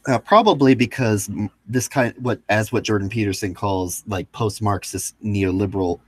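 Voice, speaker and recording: A man's voice: lowish voice, moderate pace, husky, dry recording. A man co-hosting a casual podcast chat, reacting with frequent exclamations.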